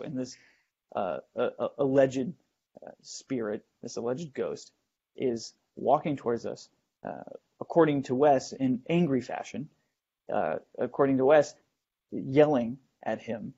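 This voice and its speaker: Man telling a spooky tale, halting. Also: mid-range voice, mellow, slightly rough. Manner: hesitant, restarts and fillers, builds suspense. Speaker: host. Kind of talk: first-person storytelling of a ghost investigation. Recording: dull lo-fi recording.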